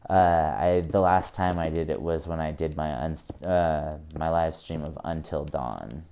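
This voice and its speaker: A man's voice: rumbling low, steady tone, a little slow, dark tone, smooth. A man in his twenties from the United States, a live streamer chatting casually, laughing often and restarting his sentences. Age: 20s.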